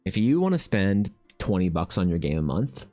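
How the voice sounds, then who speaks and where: A man streaming while he paints, chatting casually and ranting with animated swearing. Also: deep voice, moderate pace. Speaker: artist streamer.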